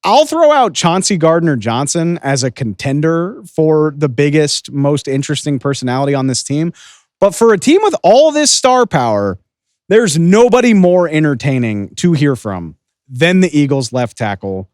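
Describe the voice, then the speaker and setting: A chatty male sports podcast host with a fairly high, very animated voice, keen and opinionated. The sound is close and dry, with no room echo. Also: normal speed. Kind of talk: casual commentary.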